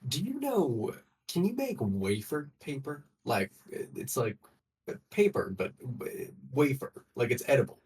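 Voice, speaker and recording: A man's voice: mid-range voice, sing-song, unhurried, darkish tone, a little hiss or hum. A man playing in a tabletop game, hesitant and playful, with many fillers. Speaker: player. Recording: somewhat distant from the mic.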